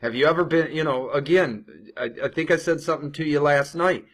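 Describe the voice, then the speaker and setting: Brisk and on the high side, this young man's voice carries a casual screen-share lesson on ad copy. He works as an online marketing coach, keeping things conversational, frequently starting sentences over and adding "right?"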